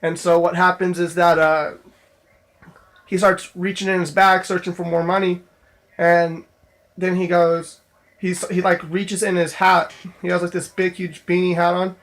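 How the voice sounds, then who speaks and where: A man's voice: high-pitched, little pitch movement, a little slow, fairly bright tone. A young man casually telling a story from his job in a vlog, rambling with lots of fillers and restarts. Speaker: store clerk telling a work story.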